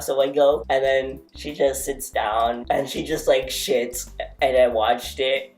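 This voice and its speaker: A man's voice: mid-range voice, steady tone, unhurried. A man telling a rambling storytime in a casual, self-mocking way, full of "like" fillers and sudden dramatic exclamations. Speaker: vlogger.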